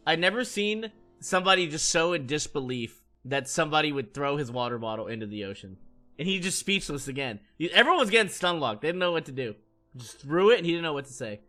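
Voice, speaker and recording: Hyped guy with a high, bright voice telling party stories on stream, faint music behind. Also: fairly quick. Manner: excitable, swears, acts out quotes with big pitch swings. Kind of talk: animated storytelling recap.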